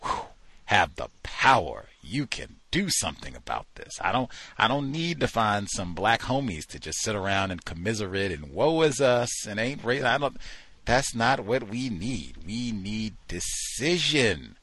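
A man's voice: on the low side, very animated, normal speed, a bit bright, slightly rough, no room sound. A man hosting a talk show, giving incredulous, mocking commentary and acting out the people he quotes. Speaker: host.

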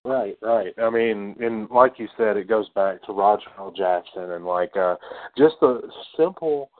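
A man's voice: fairly low pitch, unhurried. A man co-hosting a podcast, chatting casually and profanely about horror films and laughing readily. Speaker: podcast co-host. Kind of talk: casual movie discussion. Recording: tinny phone-like sound, dry.

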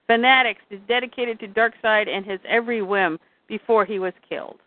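A woman's voice: mid-range voice, normal speed, natural voice. A woman reading out an uneasy male prisoner. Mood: ominous. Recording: dry tinny phone-like sound.

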